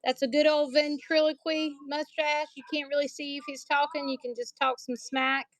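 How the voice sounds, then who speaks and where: A woman's voice: sits high, flat delivery, moderate pace, fairly bright tone, no room sound, soft background music. A woman selling collectible banknotes on a live stream, chatty and joking, calling her viewers y'all.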